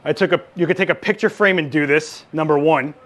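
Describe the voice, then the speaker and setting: A man running a live photography lighting demo, chatty and joking, with quick asides. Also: fairly high pitch, fairly bright tone. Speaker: photography instructor.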